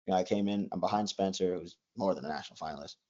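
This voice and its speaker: A man's voice: low-pitched, rapid-fire, dark tone. A young man in his twenties, a college wrestler, chatting as a guest in a rambling way, full of likes and restarts. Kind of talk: casual interview. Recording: dull lo-fi sound.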